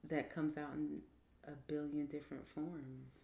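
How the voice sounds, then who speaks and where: A woman guest on a podcast in casual chat, relaxed and thoughtful, sometimes trailing off mid-thought. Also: deep voice, measured pace, creaky, echoey room, slight background noise.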